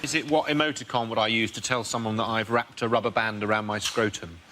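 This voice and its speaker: A comedian panellist firing off repeated mischievous guesses to a live studio audience. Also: male voice, fairly low pitch, steady tone, fast talker. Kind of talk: quick-fire panel gags. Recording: studio audience and noisy audio.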